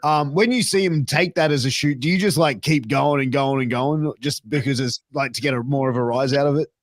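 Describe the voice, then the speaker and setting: A man's voice: mid-range voice, fairly quick, no room sound, studio quality. A man hosting a podcast, casual and stammering, filling his questions with like and bro. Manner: laughing, stammering, uses bro and like a lot. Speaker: podcast host.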